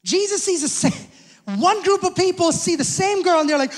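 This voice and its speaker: A man's voice: extremely high pitch, normal speed. A male pastor preaching a sermon, emphatic and calling out to his congregation. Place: church hall. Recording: long church hall reverb.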